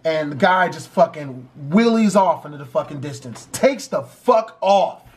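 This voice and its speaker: A man telling a story in a casual, profane and animated way. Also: on the high side, normal speed.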